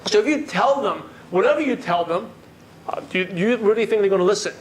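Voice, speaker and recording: High-voiced male sales trainer. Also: expressive, fast talker, slight background noise. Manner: asks the audience questions and repeats their answers. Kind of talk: live workshop lecture. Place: meeting room with a live audience.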